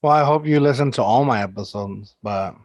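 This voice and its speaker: A man's voice: medium pitch, brisk. A man hosting a podcast, telling stories in casual chat with lots of fillers and laughter. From San Antonio, Texas. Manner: loose storytelling, heavy "like" fillers, laughs often. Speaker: podcast host.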